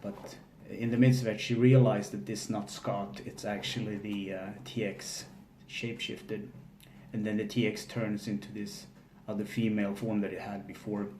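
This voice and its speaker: Man, casual recap, stop-start, faint room hum. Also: on the low side. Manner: halting, many fillers and restarts, flat delivery. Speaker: film recapper. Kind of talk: casual spoken film recap. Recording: echoey room with faint ambience.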